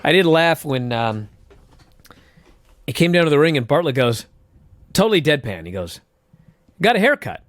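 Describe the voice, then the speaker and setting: A man talks casually on a podcast, retelling a scene with animated energy and the occasional swear word. His voice sits high and swoops up and down a lot. The sound is close and dry, with no room around it. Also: moderate pace, pauses often, no echo. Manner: animated storyteller, swears, laughs. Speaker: podcast co-host. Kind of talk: casual chat recapping wrestling.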